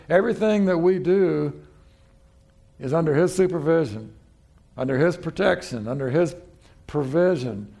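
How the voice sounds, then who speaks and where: A man's voice: on the high side, a little mellow. A man, preaching a sermon as pastor in a folksy, conversational way with frequent restarts.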